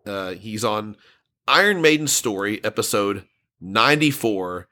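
A man's voice: lowish voice, expressive, unhurried, bright, forceful tone. A man co-hosting a casual podcast, reading out listener comments and laughing often. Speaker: podcast co-host.

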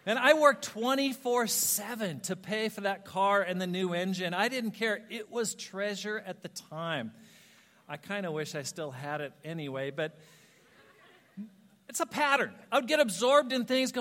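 High-voiced man preaching in a reverberant hall. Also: moderate pace. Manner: animated, self-mocking storyteller who laughs at himself. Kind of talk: storytelling sermon. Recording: long reverb of a large hall.

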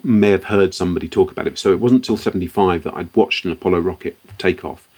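Brief: middle-aged British man, low voice, reflective guest storyteller who restarts his sentences. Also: a little mellow, slightly rough. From Britain. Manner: reflective, frequent restarts and repeated words. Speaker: guest, company founder. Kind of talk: podcast interview storytelling.

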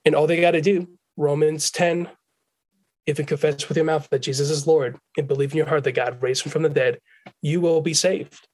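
A man who is a guest on a Christian podcast, speaking slowly and deliberately and stressing key words. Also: on the high side, fairly even intonation, a little mellow, rough recording.

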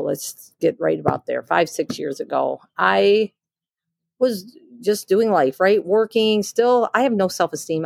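A middle-aged woman hosting a podcast, telling her own story in a candid, halting way with many pauses and restarts, recorded outdoors in some wind. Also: lowish voice, gravelly, no room sound, studio quality. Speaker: podcast host. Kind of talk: personal testimony podcast.

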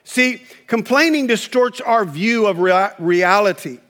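A pastor with a high-pitched male voice, preaching in a loose, conversational sermon style. He acts out what people say and chuckles at his own stories. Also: expressive, unhurried, fairly bright tone.

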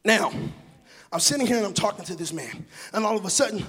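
High husky preacher guy, shouting and chanting his sermon, funny stories, big echoey church. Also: expressive, fast talker. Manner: chanting, shouted preaching cadence with humorous storytelling. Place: church sanctuary.

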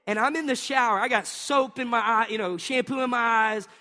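A man's voice: extremely high pitch, a little fast. A man in his thirties preaching a sermon, telling a family story with lots of energy, laughing often and acting out the sounds his kids make. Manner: animated storytelling with bursts of acted-out sounds. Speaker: pastor. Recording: reverberant hall.

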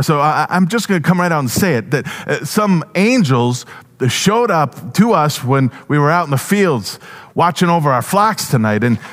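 A male pastor giving a first-person storytelling sermon, animated with halting restarts. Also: fairly high pitch.

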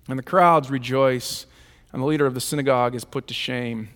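A man's voice: medium pitch, fairly quick, a bit bright. A man preaching a sermon in a church, speaking with emphatic rhythm and repeated lists. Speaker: pastor. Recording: reverberant hall.

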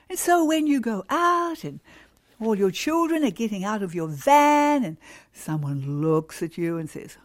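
Woman, devotional talk to mothers, lively swooping pitch, slow unhurried delivery, emphatic and exhorting. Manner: emphatic, exhorting, acts out quoted replies. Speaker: speaker addressing mothers.

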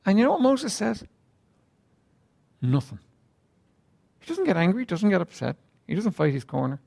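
A man preaching a sermon in a conversational way, asking rhetorical questions and often clearing his throat. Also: sits high, a little mellow.

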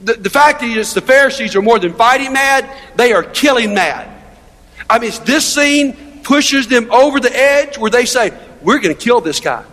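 A man's voice: very high-pitched, moderate pace, bright, forceful tone. A male pastor preaching a sermon in an emphatic, conversational way, asking his listeners rhetorical questions. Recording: long reverb of a large hall.

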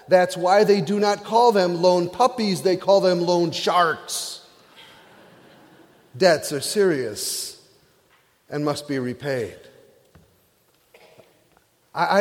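A man's voice: high-pitched, in a large hall. A male pastor preaching a sermon, retelling a parable with playful asides.

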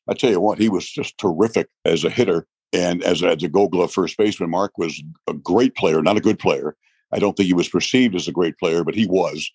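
An older man from New York, a retired baseball broadcaster, is the guest in a storytelling interview. He speaks in a husky, low voice and tells his stories with animation, laughing often and doing voices. No room sound is audible.

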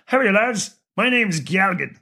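A man's voice: high-pitched, lively intonation, a little fast, bright, forceful tone, pitched above the performer's own voice, heavily acted. A man voicing a smug, sarcastic male outdoor-pursuits instructor in a comedy sketch. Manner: sarcastic, upbeat.

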